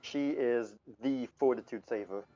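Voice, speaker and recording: A man's voice: medium pitch, unhurried, dark tone, muffled recording. A man narrating as game master of a tabletop role-playing game, playful and laughing often.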